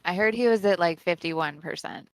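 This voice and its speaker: A woman's voice: on the low side, normal speed, no echo, poor audio. A woman playing a tabletop game, answering bluntly and matter-of-factly in casual in-character talk. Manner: matter-of-fact, blunt replies.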